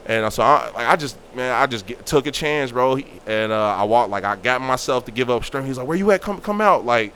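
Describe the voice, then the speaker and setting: A man's voice: mid-range voice, a little fast, hardly any pauses, a little hiss or hum. A young man telling a story in casual talk, acting out the voices of the people in it. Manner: animated, acts out quoted voices.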